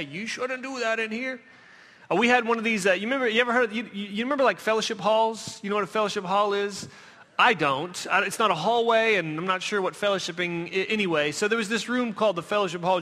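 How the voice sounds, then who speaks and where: A man giving a humorous, storytelling sermon, joking and pulling the congregation in with questions. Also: sits high. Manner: animated, joking, pulls the audience in with questions. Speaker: preacher and professor. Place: church sanctuary. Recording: church hall reverb.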